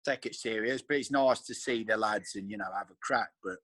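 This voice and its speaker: A man chatting on a video call, telling animated stories and acting out his friends' voices. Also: lowish voice, brisk, dry recording. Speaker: regular angler on the chat. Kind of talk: casual video call chat.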